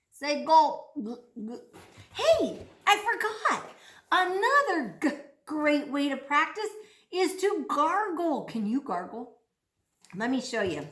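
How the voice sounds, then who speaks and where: A woman leads a children's speech lesson in a high, bouncy voice that swoops all over the place. She talks slowly and plays it up for young listeners. The room around her sounds roomy and echoey. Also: fairly bright tone. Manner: sing-song, exaggerated and playful, speaking slowly to children.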